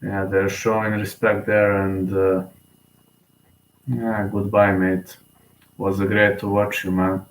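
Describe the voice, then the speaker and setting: A young man giving live, emotional fan commentary on a fight, excitable and often repeating himself. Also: lowish voice, takes it slowly, long pauses, slight background noise. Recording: roomy echo.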